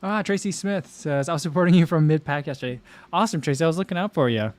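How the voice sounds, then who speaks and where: A man whose voice is on the high side talks at a quick pace, with no room sound at all. He's hosting a casual livestream and reading his chat, chatty and rambling with lots of fillers and self-interruptions.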